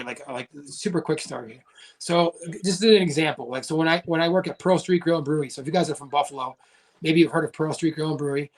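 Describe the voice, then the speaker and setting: A man in his thirties with a fairly high voice talks as a podcast guest. His stories ramble and are full of "like" fillers. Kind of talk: casual storytelling chat.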